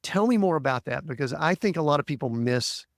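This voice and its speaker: A man hosting a podcast, asking thoughtful, measured interview questions. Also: fairly high pitch, expressive, no room sound, clean studio sound. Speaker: podcast host.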